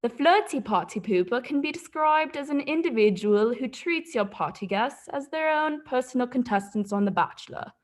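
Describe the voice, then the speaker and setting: Pompous nature-film style narrator, mock-grand and raised in pitch, put on by a young woman. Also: expressive, normal speed, few pauses, close to an everyday voice. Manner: grand, mock-serious delivery.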